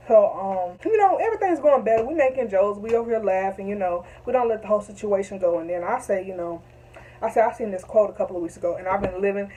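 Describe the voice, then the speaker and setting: A woman's voice: medium pitch, a little mellow, slight background noise, rough recording. A young woman telling a story to camera, emphatic and repetitive, heated at times. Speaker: vlogger.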